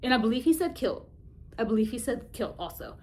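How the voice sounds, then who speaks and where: Woman, casual bible study vlog, chatty, colloquial, laughs often, slightly high voice. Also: big pitch swings, fast, dark tone. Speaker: host retelling a Bible story.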